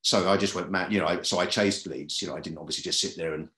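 A very low-pitched man talks through his early working years in a podcast interview. He rambles and repeats himself as he goes. The room adds a noticeable echo to his voice. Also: fairly even intonation, fast, a bit bright. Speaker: comedy club booker and comedian. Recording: roomy echo.

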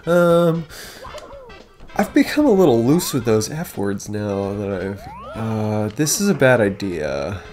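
Excitable, swearing gaming host man. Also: on the low side, slow pace, soft background music. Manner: excitable, frequent swearing, talks to the game. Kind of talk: casual let's play commentary.

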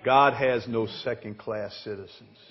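Pastor, male, fervent sermon delivery, unhurried, muffled lo-fi sound. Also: medium pitch, steady tone. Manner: builds from quiet earnest teaching to loud fervent preaching. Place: church sanctuary.

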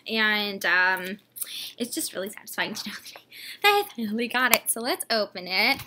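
A woman vlogging an unboxing in a casual, gushing way, a little congested from a cold and often slipping into a breathy whisper. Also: medium pitch, moderate pace, background noise. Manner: gushing and excitable. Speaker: doll collector vlogger. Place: at home with a dog.

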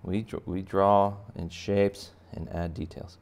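Male art teacher for kids, low and gravelly, playful chatty delivery. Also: little pitch movement, slow, darkish tone. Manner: playful, chatty, talks to children directly. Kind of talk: step-by-step drawing lesson for kids.

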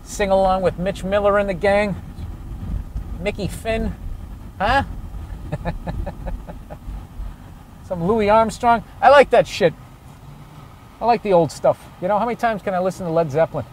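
A man doing comedy as he walks a city street outdoors, ranting loudly and sarcastically and swearing constantly. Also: high-pitched, a little slow, long pauses, slight background noise. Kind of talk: profane ranting walking tour.

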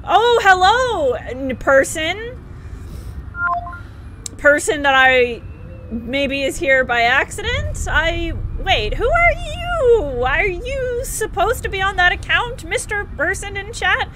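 A young woman live-streaming a horror game, excitable, screaming and laughing at scares and gushing thanks to her viewers. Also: extremely high pitch, slow pace, noisy background.

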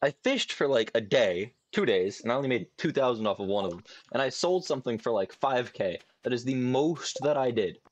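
A man's voice: mid-range voice, animated, fairly quick, hardly any pauses, no room sound. A young man streaming a farming game, chatting casually and rambling to himself with lots of swearing. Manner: profane, rambling, talks to himself. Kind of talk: casual gameplay commentary. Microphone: desk mic with webcam.

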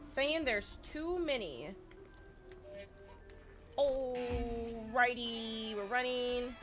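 A woman doing let's play commentary, excitable, panicking and swearing, often repeating herself. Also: a little high, drawn-out words, soft background music. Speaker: gaming YouTuber.

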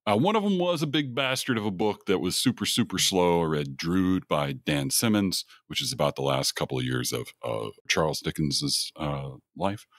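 A man's voice: very deep voice, vocal fry, no echo, studio quality. A man co-hosting a casual podcast chat, swearing freely and laughing through his stories. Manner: profane, laughing, animated storyteller. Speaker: podcast co-host, show editor.

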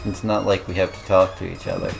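Young man, very low gravelly voice, slow deadpan delivery, game music behind. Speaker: gamer voicing the main character. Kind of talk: casual dub of game dialogue.

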